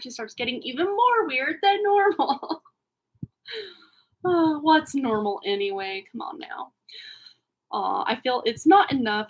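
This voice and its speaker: A woman's voice: fairly high pitch, pushed and bright, rough recording. A middle-aged woman hosting a tarot livestream in casual, rambling chat, laughing at herself often. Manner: rambling, giggly, self-deprecating.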